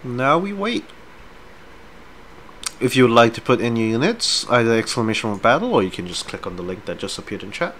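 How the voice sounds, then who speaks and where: A man's voice: mid-range voice, a little fast, a little hiss or hum. A man on a live stream, chatting casually with viewers and reading a book aloud. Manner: casual, rambling, with fillers; lively when reading. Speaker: streamer and reader.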